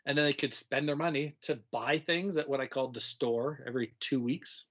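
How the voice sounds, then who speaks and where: Animated middle-aged man, slightly dull audio. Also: medium pitch, brisk, a little hiss or hum. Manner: animated, acts out kids' voices, laughs often. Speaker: retired teacher, guest. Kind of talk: casual storytelling conversation.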